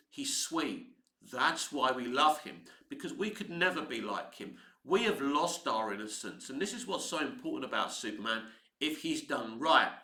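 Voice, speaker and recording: Bright, enthusiastic man in his fifties. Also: on the high side, echoey room. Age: 50s. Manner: enthusiastic, rambling, conversational. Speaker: film commentator. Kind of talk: casual film commentary.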